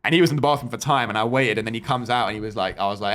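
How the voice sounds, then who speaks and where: A man's voice: mid-range voice, rapid-fire, fairly bright tone. A man, a podcast co-host telling a rambling, swearing story in casual chat. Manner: rambling, swearing, acts out quoted dialogue.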